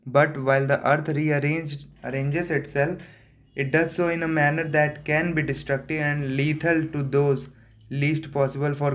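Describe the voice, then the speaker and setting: A young man, reading a newspaper editorial aloud slowly and correcting himself often. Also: mid-range voice. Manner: slow, deliberate reading with frequent self-corrections. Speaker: student practicing reading.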